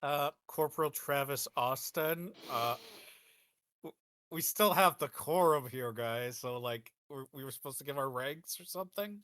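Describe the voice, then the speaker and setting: A man's voice: medium pitch, expressive, moderate pace, sharp tone, no echo. A man playing a tabletop game, sounding a bit unsure and trailing off into questions. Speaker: player. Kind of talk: casual tabletop game chat.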